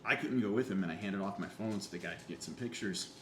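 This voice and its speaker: A man's voice: on the low side, fast. A young man telling a story in casual chat, swearing freely and acting out the people he quotes. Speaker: podcast guest. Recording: echoey room with faint hum.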